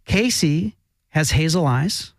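A man's voice: a little high, animated, slow pace, no echo. A man hosting an interview, teasing his guest in an upbeat way. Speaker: host, interviewer. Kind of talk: casual interview chat.

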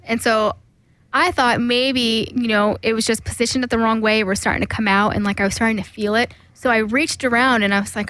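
A woman's voice: on the high side, normal speed, a bit bright, no echo. A young woman telling a candid personal story on a podcast, frank and laughing often, with plenty of fillers.

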